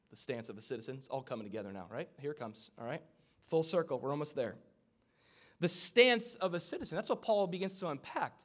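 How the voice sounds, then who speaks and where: A man preaching a sermon to a live congregation in a church, in a conversational style with joking asides. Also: fairly high pitch. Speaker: pastor.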